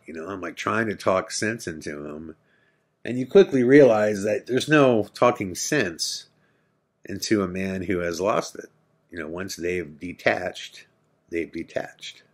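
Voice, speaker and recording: A man hosting a podcast, telling a true personal story in an intense, earnest way. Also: low voice. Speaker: podcast host.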